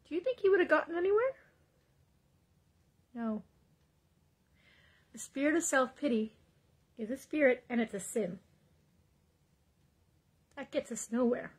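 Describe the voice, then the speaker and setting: A woman's voice: a little high, breathy edge. A woman giving a devotional confession vlog, teary and fervent, repeating praise and urging viewers. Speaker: Christian vlogger.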